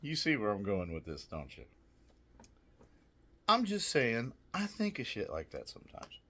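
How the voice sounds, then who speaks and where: A man's voice: mid-range voice, huge pitch swings, a little slow, a bit bright. A man casually reviewing snacks, reading trivia aloud with jokey asides, swearing and laughing often.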